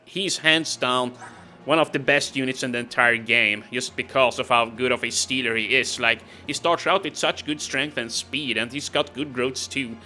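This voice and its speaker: A man's voice: medium pitch, sharp tone. A man hosting a game playthrough, chatting casually and talking to himself as he plays. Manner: casual, exasperated, talks to himself. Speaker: gaming video host. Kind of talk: let's play commentary.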